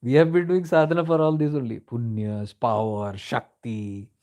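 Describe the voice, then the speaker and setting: A man's voice: mid-range voice, steady tone, normal speed, a little mellow. A man giving a reflective spiritual discourse, telling stories in a conversational way and slipping into Hindi phrases. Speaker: spiritual teacher.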